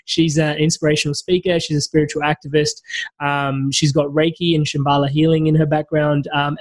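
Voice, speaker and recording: Brief: male podcast host, higher voice, loose filler-filled questions, dry close sound. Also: no echo, rough recording. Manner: rambling, filler-heavy, friendly. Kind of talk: casual interview chat.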